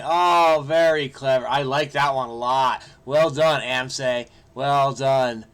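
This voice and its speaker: A man from New Jersey solving a crossword aloud, excitable and frenetic, muttering to himself and breaking into snatches of song. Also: medium pitch, slow pace, clean tone. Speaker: crossword solver host. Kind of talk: thinking aloud while solving.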